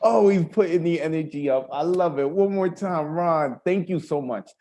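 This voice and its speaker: A man's voice: fairly high pitch, normal speed, warm tone. A man hosting an online open mic, introducing poets with hyped, friendly banter. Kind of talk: casual emcee patter.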